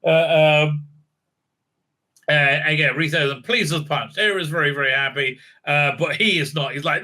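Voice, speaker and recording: Bright-toned rambling man. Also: fairly high pitch, moderate pace. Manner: rambling, many fillers and restarts, acts out quotes. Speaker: video reviewer. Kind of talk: casual spoken recap and review.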